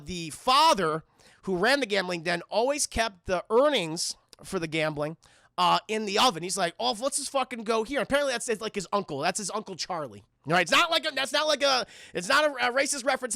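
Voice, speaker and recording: A man with a high, gravelly voice tells the story of a film to his live-stream chat in a loose, rambling way, swearing constantly. His tone is bright and sharp, and the sound is dry and close. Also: dry recording. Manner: rambling, profane, addresses chat.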